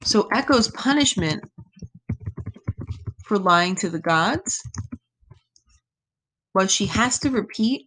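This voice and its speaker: A woman's voice: medium pitch, lively intonation, takes it slowly, pauses often, a bit bright, slight background noise. A young woman teaching a class, reading a myth aloud and explaining it in casual, plain words as she thinks it through. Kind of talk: reading lesson, thinking aloud over a text.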